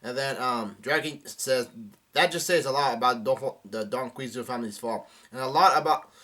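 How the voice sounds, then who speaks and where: A man's voice: medium pitch, pushed and bright. Male host reading a comic aloud live, hesitant delivery full of fillers. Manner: reads aloud haltingly with many fillers and restarts. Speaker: manga reaction host.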